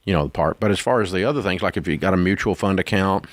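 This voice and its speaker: A man hosts a call-in money advice show, talking in an easy, folksy way. His voice sits low, and the studio sound is dry and close. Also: fast, dry recording. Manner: folksy and animated, with a booming energetic opening. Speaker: radio talk show host.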